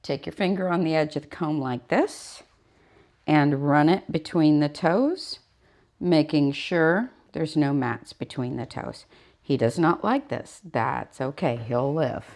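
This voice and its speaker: A woman's voice: low voice, lively intonation, takes it slowly, darkish tone. A woman dog groomer chatting casually while she works, telling stories and acting out her clients. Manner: chatty storytelling, acts out clients in quotes.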